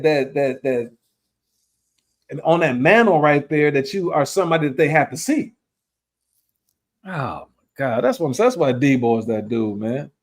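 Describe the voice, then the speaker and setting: A man hosting a live boxing talk show, arguing in heated, slangy chat with sudden jumps in pitch and a lot of repetition. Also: lively intonation, brisk. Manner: slangy, repeats himself while arguing.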